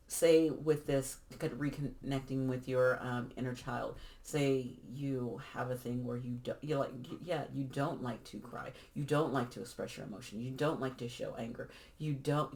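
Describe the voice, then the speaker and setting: Tarot reader doing a casual reading to camera; easygoing, encouraging, talks off the cuff with lots of restarts. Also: medium pitch. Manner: chatty and encouraging, with restarts and fillers.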